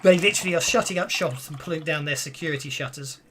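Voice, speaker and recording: Male tabletop game master with a slightly high voice; rambling delivery full of fillers and restarts. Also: quick pace, fairly bright tone, a little hiss or hum.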